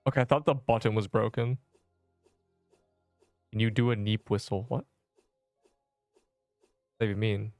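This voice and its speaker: A young male streamer talks casually over his game, slangy and jokey, sometimes yelling in mock panic. His voice is smooth and close, in a dry room with faint game music underneath. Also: lowish voice, steady tone, unhurried, pauses often, dry recording. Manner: joking, mock-dramatic outbursts, slangy. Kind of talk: casual livestream chat while gaming.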